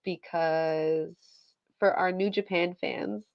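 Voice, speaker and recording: A woman hosting a casual news update, chatty and relaxed, with lots of fillers and small laughs. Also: on the low side, slow pace, creaky, no echo. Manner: chatty, filler-heavy, with self-aware laughs. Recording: dull lo-fi dry audio.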